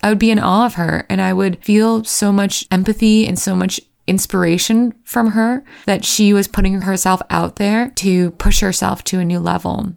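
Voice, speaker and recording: A woman's voice: medium pitch, fairly even intonation, normal speed, creaky, hardly any pauses, a little mellow. A woman in her thirties telling a candid, self-deprecating personal story to camera, sometimes acting out her own inner voice. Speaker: vlogger.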